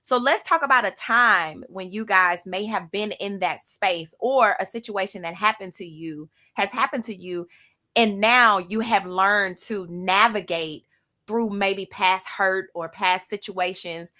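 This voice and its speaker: Bright-voiced woman hosting a talk show. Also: mid-range voice, measured pace. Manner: earnest, faith-centered, rambling restarts. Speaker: radio show host. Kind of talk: casual talk show discussion.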